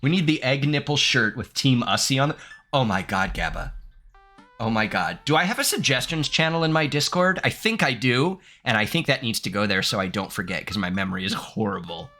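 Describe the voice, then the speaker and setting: A man in his thirties doing let's play commentary, reading game text aloud, animated and candid, laughing often. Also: medium pitch, a little fast, faint music behind. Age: 30s. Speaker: gaming streamer.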